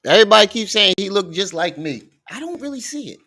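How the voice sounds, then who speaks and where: A man's voice: sits high, very animated, quick pace, pushed and bright. A man hosting a livestream, reacting in a casual, joking and emotional way. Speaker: host.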